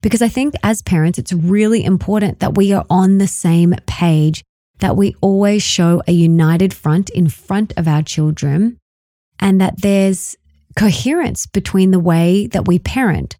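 A woman's voice: mid-range voice, measured pace, warm tone, no room sound, studio quality. A woman hosting a parenting podcast, affirming her guest with enthusiasm and asking questions. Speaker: podcast host. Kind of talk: podcast interview.

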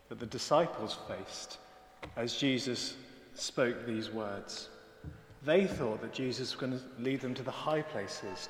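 A man preaching an evening sermon in an earnest, conversational way. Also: medium pitch. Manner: earnest, conversational, peppered with "actually". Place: church, indoors. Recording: echoey church hall.

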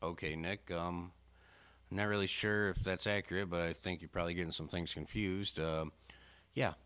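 A male podcast host with a low, flat voice. He stumbles through fillers in a casual comedy podcast, recorded dry and close. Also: clear, resonant tone, dry recording. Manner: flat, halting, full of fillers.

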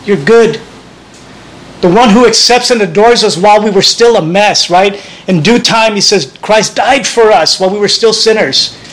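High-voiced earnest male preacher. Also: normal speed, few pauses, fairly bright tone, rough recording. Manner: earnest, conversational preaching with many restarts. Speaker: pastor. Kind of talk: sermon.

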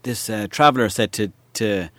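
A man's voice: on the low side, moderate pace, fairly bright tone, no echo. An Irish man, a guest comedian, telling loose, rambling stories in casual chat, swearing freely and laughing as he goes. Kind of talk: casual anecdotal storytelling.

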